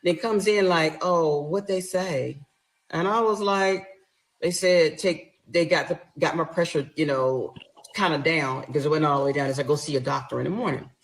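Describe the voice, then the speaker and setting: A woman's voice: low voice, normal speed, rough recording. A middle-aged woman from the Atlanta area, casually telling her story to viewers and acting out both sides of the argument. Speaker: storyteller recounting her marriage.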